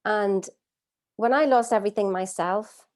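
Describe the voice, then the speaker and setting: A middle-aged woman leading a live online coaching masterclass from home, earnest and expressive, asking her audience many rhetorical questions. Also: medium pitch, unhurried. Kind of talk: live-streamed coaching talk. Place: at home, streaming by video call.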